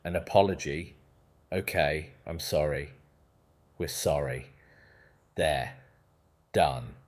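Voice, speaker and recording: A man's voice: rumbling low, slow pace, full character voice. A man doing a desperate proud brother. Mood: pleading. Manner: pleading, tight, bargaining.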